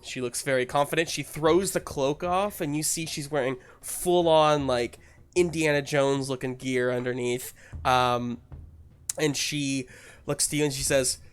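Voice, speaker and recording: A man narrating a tabletop game as game master, relaxed and rambling with many fillers. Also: medium pitch, a little slow, clear, resonant tone.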